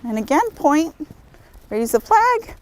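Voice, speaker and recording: A woman horse trainer giving calm, patient step-by-step instructions outdoors while working a horse in an arena. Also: sits high, slow pace, rough recording.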